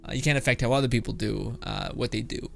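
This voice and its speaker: A man's voice: medium pitch, fast talker, creaky. A man reacting to internet memes in casual commentary, laughing often, swearing, and rambling off into asides. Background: background music.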